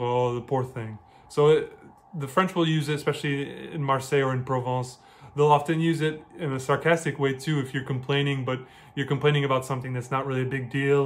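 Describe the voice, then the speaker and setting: Seorang pria beraksen Amerika menjelaskan kosakata Prancis dengan santai, sering mengulang dan meralat kalimatnya, suaranya bernada sedang. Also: male voice, medium pitch. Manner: explanatory, repeats and rephrases, frequent restarts. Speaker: language teacher. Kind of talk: casual spoken lesson.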